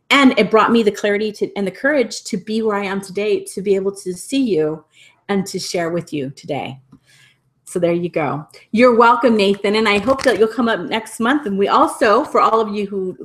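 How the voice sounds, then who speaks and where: A woman leading a livestreamed spiritual ritual, gushing and enthusiastic, later slowing into a soft guided meditation. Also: fairly low pitch. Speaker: spiritual circle leader.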